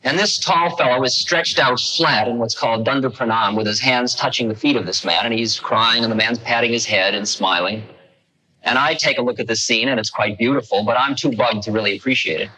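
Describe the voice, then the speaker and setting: Bright-voiced man telling a story. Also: medium pitch, a little fast, poor audio. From United States. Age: 30s. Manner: conversational, wry storytelling with voiced asides. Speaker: lecturer. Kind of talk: storytelling lecture. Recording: 1969 lecture recording.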